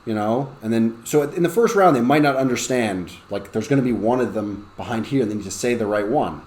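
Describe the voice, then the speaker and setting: A man's voice: mid-range voice, fairly quick, darkish tone. A male ESL teacher talks other teachers through a lesson plan in a conversational way, often checking in with "okay?". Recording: roomy with faint background noise.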